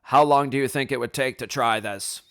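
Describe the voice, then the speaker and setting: A man's voice: mid-range voice, normal speed, fairly bright tone, smooth, no echo, studio quality, natural voice. A man voicing a stern, humorless old male judge who speaks curtly and impatiently. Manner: curt, impatient.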